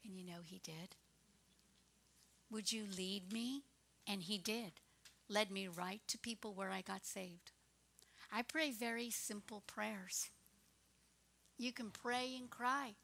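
Bright-voiced woman preaching earnestly. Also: mid-range voice, a little slow, vocal fry. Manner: earnest, swings from soft whispers to fervent prayer. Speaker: pastor. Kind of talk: sermon.

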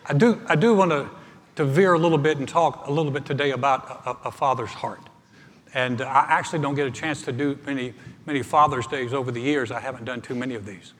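Pastor preaching in a reverberant church. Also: male voice, medium pitch, fairly bright tone, slight background noise. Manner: conversational, joke-telling, halting restarts. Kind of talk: live sermon. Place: church sanctuary. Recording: live church recording with long reverb.

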